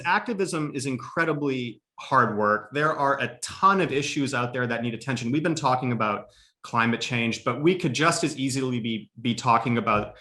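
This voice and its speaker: Upbeat man moderating, bright tone. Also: medium pitch. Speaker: host, institute director. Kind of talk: moderating a live online conversation.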